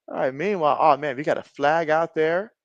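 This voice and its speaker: A man streaming a game, giving casual play-by-play, reading viewer chat and joking often, getting excitable on big plays. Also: a little high, moderate pace, no room sound, dull audio. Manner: jokey, excitable, often laughs. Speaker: live-stream sports commentator.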